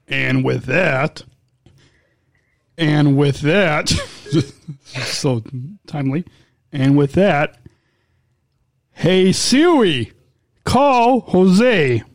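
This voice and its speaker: A man's voice: a little high, expressive, very slow, gravelly, long pauses, no echo, studio quality. A man co-hosting a podcast in casual chat, joking and laughing often. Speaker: podcast co-host.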